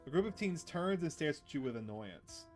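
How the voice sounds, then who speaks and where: A man with a fairly high, sing-song, darkish voice streams a visual novel at normal speed, faint music behind him. He reads the characters' dialogue aloud in casual let's-play narration and tosses playful, jokey asides to his chat.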